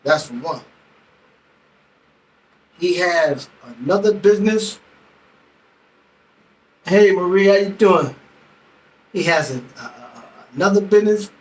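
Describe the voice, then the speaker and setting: A man's voice: sits high, recorded from a distance, low-quality recording. A middle-aged man venting heatedly, telling a story with lots of profanity and acting out both sides of an argument. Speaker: vlogger. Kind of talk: venting monologue.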